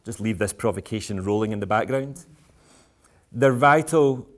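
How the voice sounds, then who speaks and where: A Scottish education speaker with a voice on the low side talks at a moderate pace. At a school event with a live audience, he gives parents a playful, provocative talk full of self-mockery.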